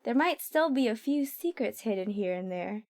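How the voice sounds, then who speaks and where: A woman's voice: fairly high pitch, expressive, normal speed, darkish tone. A woman streaming a game from home, reading on-screen text aloud and reacting candidly and emotionally.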